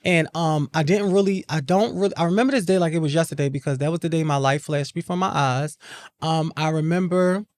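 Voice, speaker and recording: A woman's voice: low-pitched, a little fast, darkish tone, no room sound. A woman hosting a podcast, telling a personal story in a casual, repetitive way and often starting with "I remember.". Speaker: podcast host.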